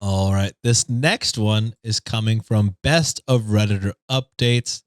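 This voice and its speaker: A man's voice: lowish voice, unhurried, no echo. A man co-hosting a podcast, reading stories aloud in a casual chat and laughing often.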